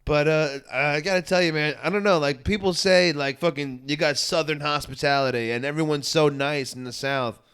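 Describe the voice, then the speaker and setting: A fairly high-voiced man tells road-trip stories on a podcast. He swears constantly, talks in an animated rush and slips into mocking put-on voices. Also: moderate pace, few pauses, clean tone. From New York. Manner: profane, animated storytelling; puts on mocking voices in quotes. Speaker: podcast co-host. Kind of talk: casual chat.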